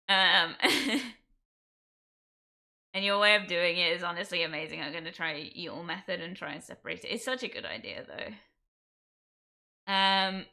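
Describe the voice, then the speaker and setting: A woman's voice: lowish voice, measured pace, pauses often, pushed and bright. A young woman from England, a streamer chatting casually with her viewers and laughing often. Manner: chatty, reading and answering chat, laughs often. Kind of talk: casual livestream chat.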